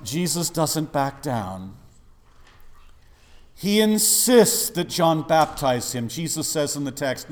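A man's voice: a little high, lively intonation, slow pace. A man preaching a dramatic sermon in a church, acting out the voices of people in the story. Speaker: pastor. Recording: long reverb of a large hall.

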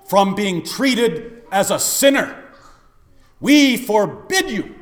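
A man's voice: high-pitched, full character voice. A man preaching, acting out exasperated church members who scold their pastor in a mock-polite way. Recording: long reverb of a large hall.

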